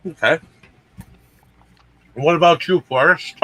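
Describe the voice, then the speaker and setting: A man hosting a casual group discussion, halting and full of filler sounds. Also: fairly high pitch, noisy background. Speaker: discussion host.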